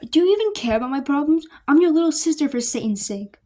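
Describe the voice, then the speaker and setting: Bratty swearing princess sister, high and mellow, read by a woman. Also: expressive, a little fast, close to an everyday voice. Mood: bratty, sneering. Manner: whiny, sneering, swearing. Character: bratty, foul-mouthed younger royal sister.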